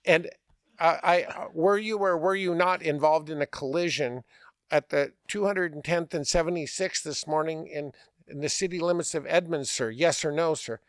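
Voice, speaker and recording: A man's voice: a little high, normal speed, dry recording, studio quality, natural voice. A man voicing a stern, officious male police officer who speaks formally and keeps saying "sir".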